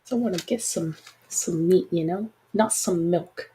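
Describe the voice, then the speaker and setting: A woman's voice: fairly low pitch, unhurried, warm tone, slight background noise, poor audio. A woman hosting a casual livestream, talking frankly and chattily with apologetic asides to her listeners. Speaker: podcast host.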